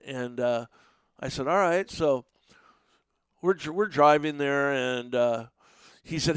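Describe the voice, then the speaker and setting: A middle-aged man casually telling animated, profane stories in a podcast chat, sometimes shouting. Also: medium pitch, a little slow, clear, resonant tone, no room sound. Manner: animated, swears freely, shouts when acting out others.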